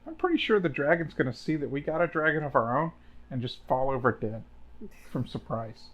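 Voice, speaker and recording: A man's voice: mid-range voice, brisk, lo-fi sound, a little hiss or hum. A man playing a tabletop game, joking around in casual chat with his group. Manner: joking, animated. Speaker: player.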